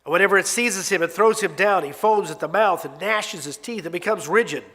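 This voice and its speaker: A man's voice: high-pitched, fairly quick, pushed and bright, exaggerated voice. A man reading as a desperate pleading father. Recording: long hall reverb.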